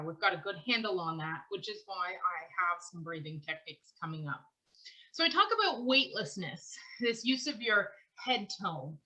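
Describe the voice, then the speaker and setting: A woman's voice: medium pitch, pushed and bright, poor audio. A woman teaching a vocal class, talking in long run-on phrases and laughing between thoughts. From Canada. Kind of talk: online class lecture.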